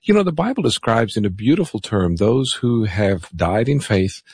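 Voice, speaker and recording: A man co-hosting a radio Bible call-in show, gently explaining scripture and taking callers. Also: fairly low pitch, sing-song, gravelly, slightly rough, dry recording, studio quality. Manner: gentle, explanatory, reads phone numbers slowly. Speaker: radio co-host pastor.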